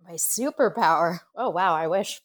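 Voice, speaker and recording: A woman engineer guest on a podcast interview, talking in a passionate, expressive way and laughing often. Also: lowish voice, moderate pace, dry recording. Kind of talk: casual interview conversation.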